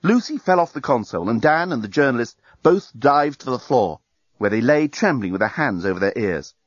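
A man narrating a story aloud in an expressive, lively reading. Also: mid-range voice, brisk, no echo. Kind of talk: audiobook narration. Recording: dry, slightly muffled.

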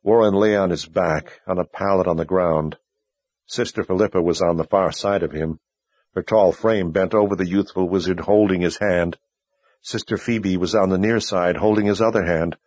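Male narrator, husky and fairly low, dry booth sound, steady measured read. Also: no room sound. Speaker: audiobook narrator. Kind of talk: scripted narration.

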